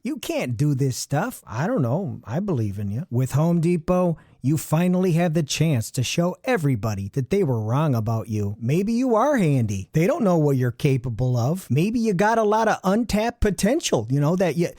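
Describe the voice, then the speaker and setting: A man hosting a comedy podcast, reading a deadpan fake ad in a rambling way, with asides and restarts. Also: on the high side, normal speed, hardly any pauses, dry recording, clean studio sound.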